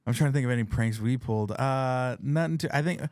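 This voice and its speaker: A man hosting a podcast, telling stories in a relaxed way and laughing often. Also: medium pitch, quick pace, background noise. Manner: laid-back storyteller, laughs often. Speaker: podcast host. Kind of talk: casual chat.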